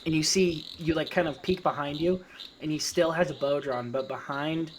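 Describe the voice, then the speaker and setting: A game master man describing scenes in a loose, rambling way full of "like" and "um". Mid-pitched voice with faint crickets and insects in the background. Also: steady tone, normal speed, noisy background. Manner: rambling, filler-heavy narration. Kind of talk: narrating a tabletop game.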